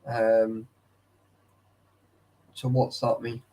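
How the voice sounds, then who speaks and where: Man, young, drowsy, sweary casual chat, warm low tone. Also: monotone, extremely slow. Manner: sweary, rambling, greets chatters by name. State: tired and sleepy. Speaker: livestreamer. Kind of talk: casual chat with live viewers.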